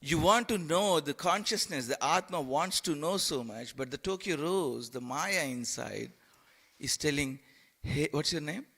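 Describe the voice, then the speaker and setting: Slow-talking, halting male preacher. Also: fairly high pitch, animated, gravelly, a bit bright. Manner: halting, repeats words, playful asides. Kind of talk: sermon. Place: temple hall.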